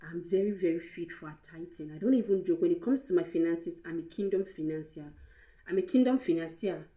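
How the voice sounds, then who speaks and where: A woman's voice: lowish voice, brisk, dark tone, reverberant, low-quality recording. A young Nigerian woman vlogger telling a candid, emotional storytime, slipping into pidgin now and then. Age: young adult. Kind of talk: storytime vlog.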